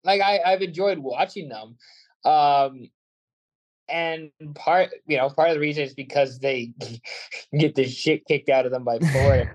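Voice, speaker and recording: A man's voice: on the high side, a little slow, lo-fi sound. A man from Canada, a guest on a sports podcast, chatting casually in a rambling, self-aware way.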